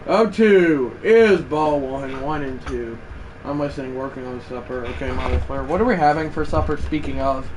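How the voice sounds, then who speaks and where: A man with a mid-range voice speaks at normal speed over background noise. Giving casual play-by-play on a baseball video game livestream, he's chatty, correcting himself mid-sentence and adding side remarks.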